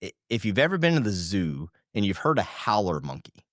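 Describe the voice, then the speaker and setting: Animated man telling a campfire story. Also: on the low side, brisk, no room sound, clean studio sound. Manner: animated, laughs often, acts out sounds and quotes. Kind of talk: casual storytelling.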